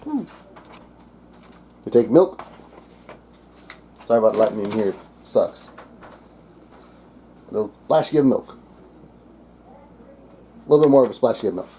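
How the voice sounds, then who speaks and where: A man's voice: lowish voice, lively intonation, measured pace, pauses often, mellow, a little hiss or hum. A man with a Southern US accent showing how to cook at home, crude and joking, swearing casually as he goes. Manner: crude, profane, joking asides. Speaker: cooking vlogger. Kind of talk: casual cooking demonstration. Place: home kitchen. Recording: kitchen clatter of pots and cutlery. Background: clinking dishes and utensils.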